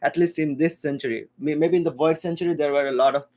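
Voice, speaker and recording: A man's voice: on the high side, fairly even intonation, fast, darkish tone. A man hosting a casual livestream chat, explaining things patiently to his wife with many restarts and an occasional cough. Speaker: host.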